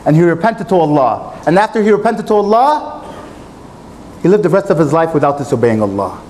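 Male preacher, high-pitched, earnest sermon delivery with faint background noise. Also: big pitch swings, a little fast, a little mellow, low-quality recording. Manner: earnest, retelling a story with quoted dialogue. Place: mosque.

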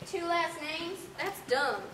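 A woman's voice: very high-pitched, slow pace, sharp tone, exaggerated voice. A young actress in a school play playing a brash, fibbing orphan girl with rural talk. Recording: roomy stage sound from far off, noisy.

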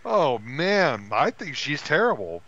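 A man's voice: takes it slowly, dull audio, a little hiss or hum. A man co-hosting a podcast, animatedly retelling a film in casual chat. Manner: animated retelling with high put-on voices for quoted characters. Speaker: podcast co-host.

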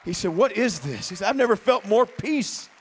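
A man preaching a sermon in church, telling a story quietly, then rising to shouts. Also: sits high, sing-song, normal speed, husky, some chatter behind. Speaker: pastor. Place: church sanctuary.

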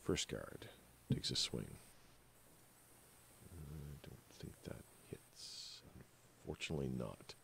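Deep-voiced male game master. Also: takes it slowly, vocal fry, pauses often, slight background noise. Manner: relaxed, many filler uhs. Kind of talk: narrating a tabletop game.

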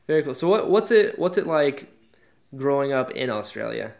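A man's voice: mid-range voice, sing-song, a little slow, gravelly, darkish tone. Young male podcast host. Easygoing, conversational, mid-range voice. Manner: easygoing, says "gotcha" and "interesting" often. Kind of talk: casual interview chat.

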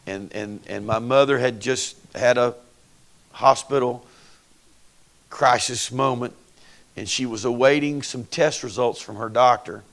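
A man preaching a sermon in a church, telling stories and building to loud preaching. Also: mid-range voice. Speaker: pastor. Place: church sanctuary.

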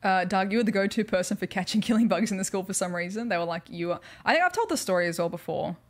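A woman's voice: medium pitch, lively intonation, fast. A young woman with an Australian accent, chatting casually and telling stories during a gaming livestream, laughing often. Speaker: streamer.

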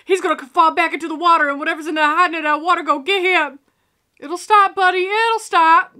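Bright, high-voiced woman reacting. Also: brisk. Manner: animated, exclaiming and joking aloud. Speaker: reaction video host. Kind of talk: casual reaction commentary.

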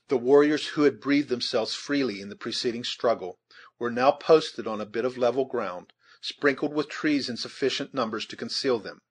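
A man narrating an audiobook in a measured, steady storytelling manner, with a husky voice. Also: mid-range voice.

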